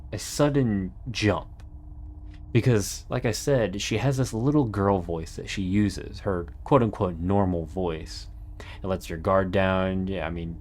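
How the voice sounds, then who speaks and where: A man narrating a scripted video essay in an earnest, measured way with dramatic pauses. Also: deep voice, a little mellow, slight background noise. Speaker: YouTube narrator.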